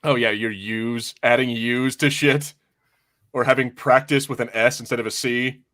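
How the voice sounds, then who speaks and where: A man's voice: medium pitch, normal speed. American male podcast host from New Mexico, mid-range voice, sweary and giggly. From New Mexico, USA. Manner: profane, laughing, excitable. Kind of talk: casual podcast chat.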